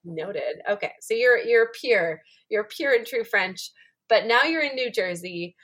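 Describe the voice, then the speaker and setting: A woman's voice: on the high side, a little slow. A woman hosting a casual podcast interview, chatty and reassuring. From Canada. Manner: relaxed and reassuring, chatty, laughs easily. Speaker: podcast host.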